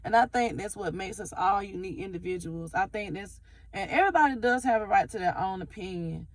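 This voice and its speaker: A woman's voice: mid-range voice, lively intonation, fairly quick, no echo. Candid woman vlogging, dry close sound. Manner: candid, conversational, swears casually. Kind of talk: casual talk to camera.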